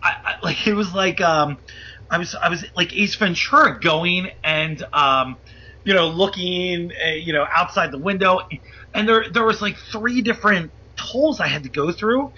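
A man telling a wild story as a guest, animated and profane, acting out the voices of the people in it. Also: sits high, unhurried, slightly rough. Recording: muffled lo-fi audio.

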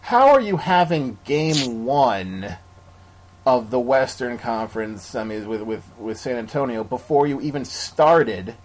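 As a podcast co-host, a man shares strong basketball opinions in a casual, rambling way, frequently starting over. His voice is medium-pitched, animated, and unhurried, with slight background noise.

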